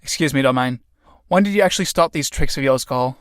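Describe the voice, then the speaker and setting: A man's voice: mid-range voice, quick pace, clean tone, no echo, studio quality, close to an everyday voice. A man voicing a wry, talkative male company manager in a read-aloud play.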